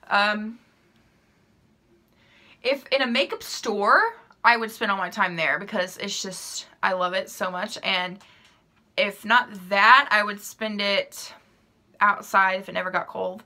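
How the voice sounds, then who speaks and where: A young woman talking straight to camera in a casual vlog, her voice bright and forward. She rambles freely, filling her answers with "like" and "um" and laughing at herself. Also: mid-range voice, creaky. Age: young adult. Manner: chatty, rambling, full of "like" and "um"; laughs easily, self-deprecating. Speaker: vlogger. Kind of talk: casual chat answering questions.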